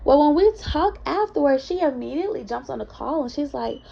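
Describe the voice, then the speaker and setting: A woman's voice: high-pitched, lively intonation, a little fast, creaky. A woman telling a story from her own life in a casual vlog, chatty and candid, talking straight to her viewers. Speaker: vlogger. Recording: dull lo-fi recording.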